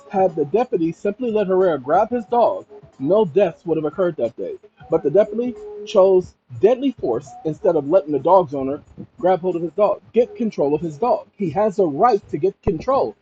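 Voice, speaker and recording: A man with a high voice reads out a news story and breaks off to give his own take, stressing his points and turning to his viewers again and again. The recording sounds dull and lo-fi. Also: darkish tone. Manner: emphatic, addresses viewers directly. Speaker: commentary channel host. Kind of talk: reading news and reacting.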